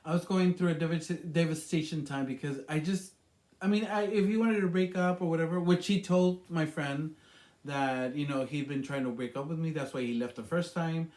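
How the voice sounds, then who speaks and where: A man's voice: fairly high pitch, normal speed, darkish tone. Emotional man rambling in an echoey room. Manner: rambling, emotional, many fillers and repeated words. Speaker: vlogger. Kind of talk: personal storytelling.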